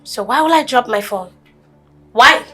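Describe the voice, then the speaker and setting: A woman's voice: a little high, expressive, a little slow, fairly bright tone, faint music behind. An actress playing a vain, spoiled young wife who mocks her in-laws. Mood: mocking. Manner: mocking, haughty.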